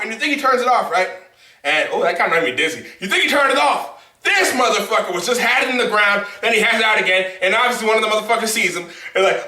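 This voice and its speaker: A young man reviewing a movie in a loud, profane, animated rant, often shouting his reactions. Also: very high-pitched, fast, distant mic. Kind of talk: casual ranting movie review. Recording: echoey room, off mic.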